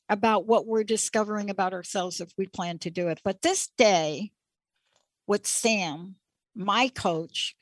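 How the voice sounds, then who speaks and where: A woman's voice: mid-range voice, no room sound. A middle-aged woman hosting a show, telling a personal story in a reflective, emphatic way and repeating key words for weight. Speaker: show host.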